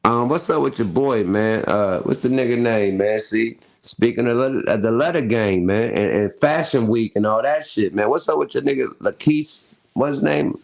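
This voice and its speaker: A man's voice: mid-range voice, moderate pace, creaky, few pauses. A middle-aged man hosting a casual commentary show, riffing loosely with slang and frequent laughs. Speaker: host.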